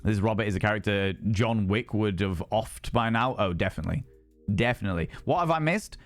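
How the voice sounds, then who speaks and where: Guy streaming a game, sweary and animated, dry mic, bit of music underneath. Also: on the low side, fairly quick, no room sound. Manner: animated, sweary, reads game text aloud. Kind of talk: casual gameplay commentary.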